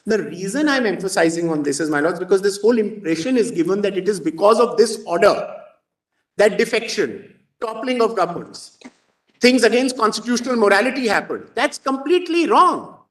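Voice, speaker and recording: A man's voice: sits high, lively intonation, brisk, fairly bright tone. A man with an Indian English accent arguing before the bench as an advocate, formal and insistent, addressing the judges as my lords. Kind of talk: courtroom argument. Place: courtroom. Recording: roomy, far from the mic.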